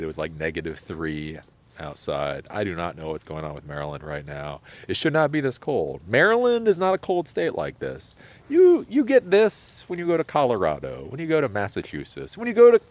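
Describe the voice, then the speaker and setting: Lower-voiced man musing in an outdoor vlog. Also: a little hiss or hum. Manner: reflective and rambling, animated rises. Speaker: vlogger. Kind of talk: casual vlog monologue. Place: outdoors in winter, near a pond.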